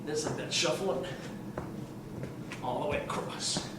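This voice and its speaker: A man demonstrating warm-up drills as a fitness coach, talking with energy and counting reps as he exercises, sometimes out of breath. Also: on the high side, a little slow. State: out of breath at times. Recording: roomy, distant mic with ambient noise.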